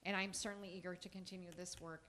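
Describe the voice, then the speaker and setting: A woman's voice: fairly low pitch, level tone, fast talker, sharp tone, slight background noise. Earnest middle-aged woman reading a speech. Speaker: teacher speaking at public forum. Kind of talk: prepared public statement.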